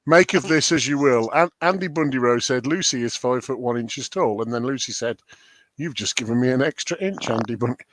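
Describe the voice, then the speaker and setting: A man's voice: medium pitch, brisk, a bit bright, no echo. A man, co-hosting a live stream, playfully reading out and teasing viewer comments. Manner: playful, teasing, reads out chat. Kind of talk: casual live-stream chat.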